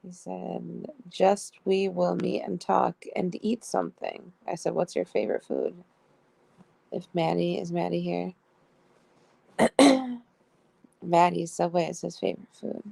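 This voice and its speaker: A young woman tells a live-stream audience about a text chat, reading both sides aloud and breaking into giggles. Her voice sits low and crackly with a mellow, darkish tone. The sound is dry and close. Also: steady tone, a little slow, gravelly, long pauses, breathy edge, dry recording. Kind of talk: casual live-stream storytelling.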